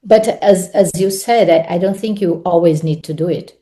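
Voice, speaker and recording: A woman with an Italian accent reflects on her craft as a guest. Her voice sits low and warm. She stumbles and repeats words as she works through English, which is not her first language. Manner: halting, repeats words while searching for English. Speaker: actress, podcast guest. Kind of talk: reflective interview answers.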